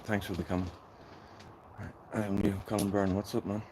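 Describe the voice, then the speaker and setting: Low-voiced Dublin man, rambling gardening-stream host talking to chat, with steady noise behind him. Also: normal speed. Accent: Dublin Irish. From Ireland. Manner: chatty, rambling, talks to his viewers while working. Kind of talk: casual live-stream chat.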